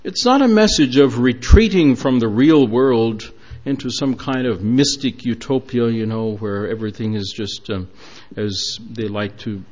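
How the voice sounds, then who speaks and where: A man's voice: medium pitch, unhurried, few pauses, a little mellow. A man preaching a sermon, telling a story earnestly with some hesitations. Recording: dull lo-fi recording.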